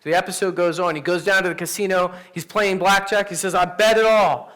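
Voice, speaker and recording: A man, a pastor, teaching an adult Sunday class in a church room, telling stories in a casual, animated way. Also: high-pitched, fast. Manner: animated, storytelling, conversational with fillers. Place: church classroom with teens present.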